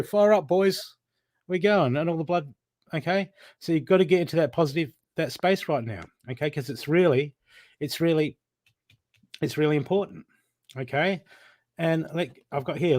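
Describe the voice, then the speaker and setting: An Australian man with a fairly high voice gives an upbeat live card reading. He presses his point over and over, ending lines with "okay?" and calling the listener "darling". The sound is dry and close. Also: a little mellow, no room sound. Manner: encouraging, repeats "okay?" and "darling". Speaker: psychic reader.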